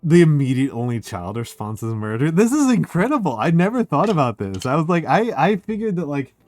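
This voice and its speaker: Male streamer, animated and swearing, dry close mic, soft music bed. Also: on the high side, a little fast, no room sound. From United States. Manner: excitable, swearing, heavy filler words. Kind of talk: casual chat.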